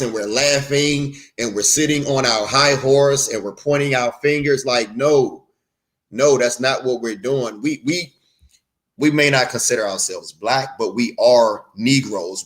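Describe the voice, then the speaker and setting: A man appearing as a guest on a livestream talk show, earnest and halting, often trailing off into a low voice. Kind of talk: livestream commentary.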